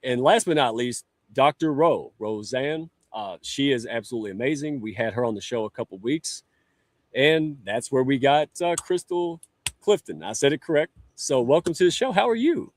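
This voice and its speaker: A man's voice: medium pitch, expressive, normal speed. Folksy man hosting a livestream. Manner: folksy, jokey, chatty. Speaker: talk show host. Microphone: live stream setup.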